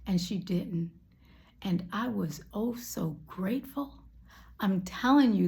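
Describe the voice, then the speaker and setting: A woman's voice: a little high, gravelly, darkish tone. A woman preaching a personal testimony, telling a story and dropping to whispers at emotional moments.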